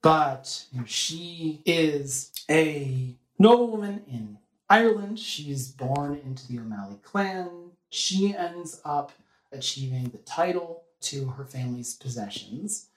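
Historian explaining stuff, measured and steady, kinda echoey room. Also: mid-range voice. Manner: measured, lecturing. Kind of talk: interview answer.

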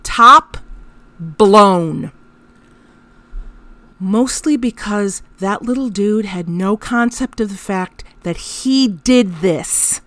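A woman's voice: mid-range voice, drawn-out words, long pauses, no echo. A woman in her thirties hosting a podcast, telling a story about her son in a wry, self-mocking way. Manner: wry, self-mocking, animated when exasperated. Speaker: podcast host. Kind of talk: storytelling monologue.

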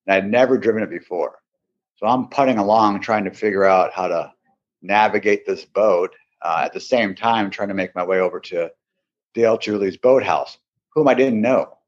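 A man with a husky, fairly low voice spins a casual anecdote. He acts out the people in the story as he goes. The recording sounds dull and lo-fi. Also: moderate pace. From Seattle area. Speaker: podcast guest.

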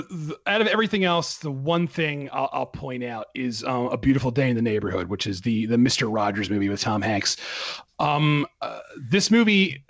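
A man talking about films as a podcast guest, in an animated casual way with many restarts and fillers. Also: medium pitch, no echo, highs cut off. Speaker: film critic guest.

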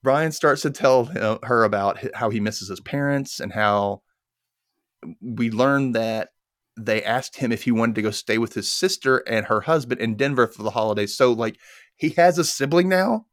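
A man's voice: medium pitch, moderate pace, no room sound, studio quality. Man animatedly recapping a TV episode. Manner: animated retelling, briefly voicing characters' lines. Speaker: podcast co-host.

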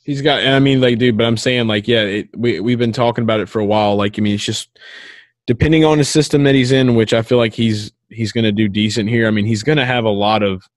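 A man's voice: mid-range voice, fairly even intonation, fast talker, no echo, clean studio sound. A man co-hosting a casual sports podcast, rambling with lots of filler words. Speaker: podcast co-host.

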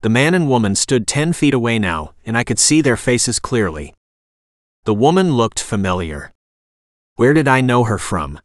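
A man reading a first-person audiobook narration in a wry, expressive manner. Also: mid-range voice, normal speed, no room sound, clean studio sound.

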